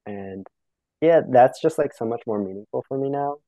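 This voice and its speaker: Young canadian guy talking it through on a podcast, mellow voice, dead dry room. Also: medium pitch, expressive, moderate pace, no room sound, dull audio, faint music behind. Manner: reflective, filler-heavy, acts out quoted exchanges. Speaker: podcast guest. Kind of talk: casual conversation.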